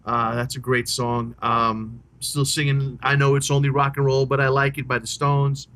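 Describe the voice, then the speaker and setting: A man's voice: mid-range voice, flat delivery, normal speed, bright, forceful tone. A middle-aged man, chatting casually and enthusiastically as a podcast co-host, rambling and swearing freely. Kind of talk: casual chat about rock music.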